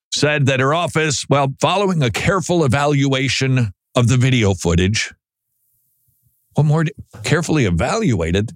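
A man's voice: mid-range voice, no room sound, studio quality. A man from Minnesota hosting a talk radio show, sarcastic and mocking, stumbling over repeated words.

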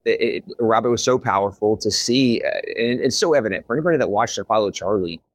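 A man interviewing a guest, speaking in a measured, reflective way. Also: lowish voice, dry recording.

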